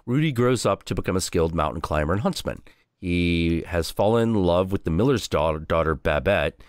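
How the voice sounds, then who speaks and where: Lively, low-voiced man telling stories. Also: normal speed, dry recording, studio quality. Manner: animated, profane, with frequent restarts. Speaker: host. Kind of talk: casual storytelling chat on a stream.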